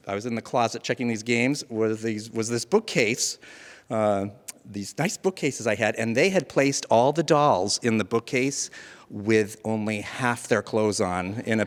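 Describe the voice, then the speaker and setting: A man telling a true personal story on stage, animated and quick to laugh at his own mishaps. His voice sits in a middle pitch and rings with a long hall reverb. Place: museum event space before a live audience.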